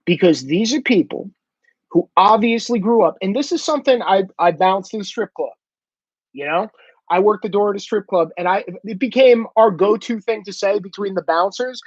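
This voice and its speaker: Husky, profane man in his thirties ranting. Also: high-pitched, no echo, dull audio. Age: 30s. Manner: animated, profane, bursts into shouting. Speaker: commentator. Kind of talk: profane opinion rant.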